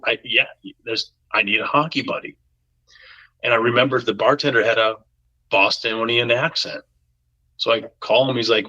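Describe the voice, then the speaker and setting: A man telling a story on a podcast in a casual, animated way, acting out the voices of the people in it. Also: medium pitch, rough recording. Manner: animated, acts out quoted voices. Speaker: podcast guest.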